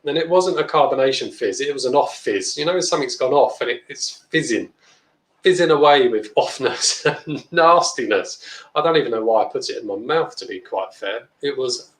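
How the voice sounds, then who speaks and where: A man's voice: mid-range voice, a bit bright. Chatty man in an echoey room. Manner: chatty, blunt, reads out viewer comments. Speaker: beer review channel host. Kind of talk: casual live-stream chat.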